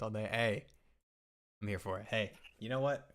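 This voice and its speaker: Man, lowish voice, joking co-host on a live stream, rambling asides, desk mic. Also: a little slow, fairly bright tone. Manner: joking, laughs at his own lines, rambling asides. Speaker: fantasy football stream co-host. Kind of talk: casual live-stream chat.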